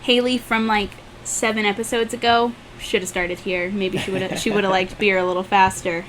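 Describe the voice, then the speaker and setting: A woman's voice: medium pitch, little pitch movement, a little fast, fairly bright tone, slight background noise. A woman co-hosting a podcast, chatting casually and laughing easily while tasting beer. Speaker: podcast co-host.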